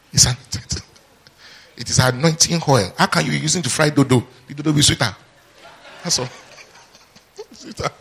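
His voice sits on the high side, slightly rough with vocal fry, as he preaches to a congregation. He gets them to finish his sentences in call-and-response, keeping the teaching lively with asides and laughter.

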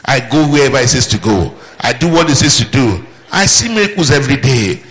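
Man preaching loud in a church, voice jumps all over, bright and echoey, keeps shouting the same lines. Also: medium pitch, sing-song, fairly quick. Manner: fervent, repetitive declarations, bursts of shouting. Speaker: pastor. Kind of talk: sermon with declarations. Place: church service.

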